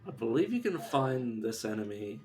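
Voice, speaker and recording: A man's voice: medium pitch, sing-song, normal speed, dark tone, faint music behind. A man streaming a game live, talking casually and thinking aloud as he plays. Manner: muttering and thinking aloud while playing. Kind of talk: casual live gameplay commentary.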